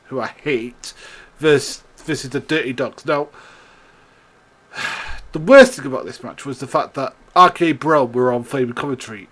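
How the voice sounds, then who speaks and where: A man's voice: medium pitch, normal speed, fairly bright tone. Young guy recapping wrestling, rambly, laughs a lot, swears, keeps restarting. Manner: laughs often, swears, many restarts and fillers. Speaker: wrestling show reviewer.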